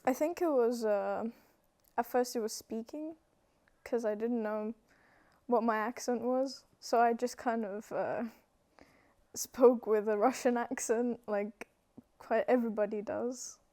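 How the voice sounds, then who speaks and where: A teenage girl from Romania, a native Romanian speaker, answering interview questions in a soft-spoken, hesitant, thoughtful way. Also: on the high side, steady tone, a little slow. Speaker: student guest. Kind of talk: casual interview.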